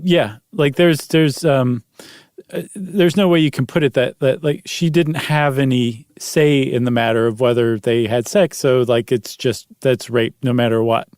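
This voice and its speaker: A man's voice: mid-range voice, fairly even intonation, measured pace, a little mellow, dry recording. A man co-hosting a podcast in casual chat, easygoing with dry teasing and frequent ums. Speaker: podcast co-host.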